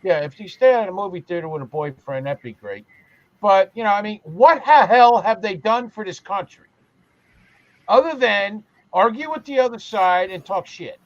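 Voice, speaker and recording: A man's voice: high voice, animated, normal speed. A man on a talk panel in heated political chat, blunt and profane, ranting. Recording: dry, muffled lo-fi sound.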